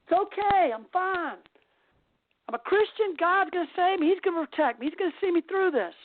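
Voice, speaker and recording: A woman's voice: extremely high pitch, animated, a little fast, phone-quality sound, voice pushed up. A woman voicing a stubborn, devout man who insists he will be saved, spoken earnestly. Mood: insistent.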